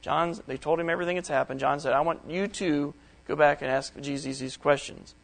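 A middle-aged man with a slightly high, creaky voice and a steady tone preaches a Bible study at a fairly quick clip. He reads passages aloud and follows with plain explanations, captured on poor audio.

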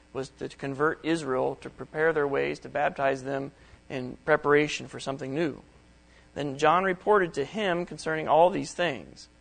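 A man's voice: fairly high pitch, gravelly, a bit bright, poor audio. A middle-aged man preaching a Bible study sermon, reading verses aloud and explaining them plainly. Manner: reads scripture aloud, then explains it in plain words.

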